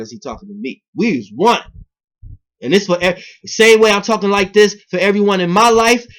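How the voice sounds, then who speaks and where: A man who makes video blogs speaks to his viewers in a rambling, profane monologue on spiritual matters, trading loud, emphatic bursts for low muttering.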